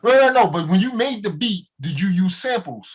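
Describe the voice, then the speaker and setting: Male host, fairly high voice, lively pitch, short questions, casual interview. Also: normal speed, breathy edge. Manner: brief questions and steady backchannel. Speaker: podcast host.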